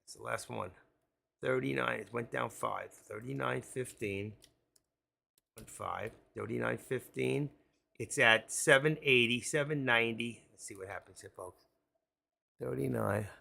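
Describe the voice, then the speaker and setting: A man giving excitable, frantic live commentary on his options trades, talking straight to viewers. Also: medium pitch, measured pace, creaky, a little hiss or hum. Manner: excitable, frantic, swears mildly, talks to viewers as folks.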